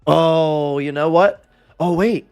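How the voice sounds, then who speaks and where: A man's voice: fairly high pitch, slow, a little mellow, smooth, faint music behind. A man livestreaming in a casual chat, rambling and self-deprecating as he talks with his viewers.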